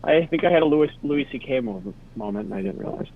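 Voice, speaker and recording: A man's voice: fairly high pitch, expressive, fast talker, vocal fry, slight background noise. A young man from Wisconsin, a podcast guest telling travel stories in a laid-back, rambling way over a video call. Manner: laid-back, lots of "like" and trailing asides. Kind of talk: casual storytelling. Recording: tinny phone-like call audio.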